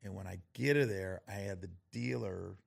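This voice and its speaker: A middle-aged man with a gravelly, creaky voice tells stories in relaxed conversation and slips into the voices of the people he quotes. The sound is dry and close, with no room around it. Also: normal speed, no echo. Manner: storytelling, acts out quotes with rising pitch and laughter. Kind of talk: casual chat.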